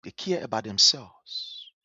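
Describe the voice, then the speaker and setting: Speaking on the low side with a husky, sharp tone, this Liberian man uses lively intonation and a measured pace for fiery political commentary. He's scornful and emphatic, repeating phrases for effect, captured dry on dull lo-fi stream audio.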